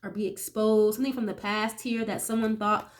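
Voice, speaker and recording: Speaking a little fast in a medium-pitched, level tone, the young tarot reader keeps her casual reading chatty. She's sniffly as she gets over a cold, swears in passing, and frequently checks in with "okay?"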